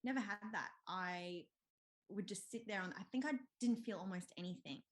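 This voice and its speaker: A woman's voice: mid-range voice, normal speed. A woman, talking openly and casually as a podcast guest, with lots of fillers and light laughter. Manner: open, chatty, frequent fillers and laughs. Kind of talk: candid conversational interview.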